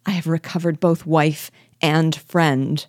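A woman's voice: deep voice, fairly even intonation, takes it slowly, darkish tone, dry recording, studio quality. A woman reading aloud voices a young husband, speaking his lines in an earnest, impassioned way. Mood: remorseful. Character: young husband, ardent and remorseful.

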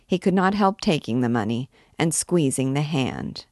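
A woman reading a classic novel aloud, measured and gently voicing the characters' lines. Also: a bass voice, big pitch swings, no room sound, studio quality. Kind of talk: book reading.

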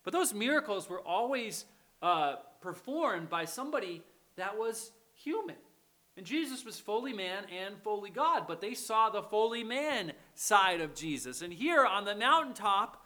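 A man with a high, bright voice preaching a sermon. He keeps it conversational and keeps checking in with the congregation as he walks through the passage. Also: animated, unhurried. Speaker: pastor.

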